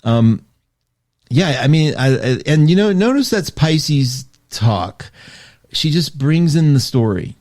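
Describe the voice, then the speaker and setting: A middle-aged man hosts an astrology show, chatting casually and reading viewer comments aloud at a slow pace. His pitch swoops lively and he laughs often.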